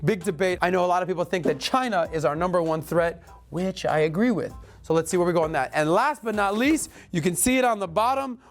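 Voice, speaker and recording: A man from Florida speaks as a show host straight into the camera, in a punchy, emphatic way. He is blunt and casually crude, and he hammers home his points again and again. Quiet music plays underneath. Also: high voice. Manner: emphatic, punchy, repeats calls to action. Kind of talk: direct-to-camera political commentary.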